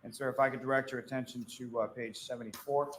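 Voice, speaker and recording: A lawyer in a courtroom putting formal, polite questions to a witness and calling him sir. His voice has a mid-range pitch, with a little faint background noise in the room. He pauses now and then on an "uh" while he frames each question. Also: little pitch movement, rough recording.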